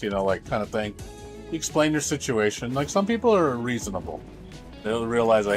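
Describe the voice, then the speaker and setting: A man's voice: medium pitch, sing-song, a little fast, faint music behind. A man streaming live, chatting casually and rambling bluntly about how he handles people, with plenty of swearing. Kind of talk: casual livestream chat.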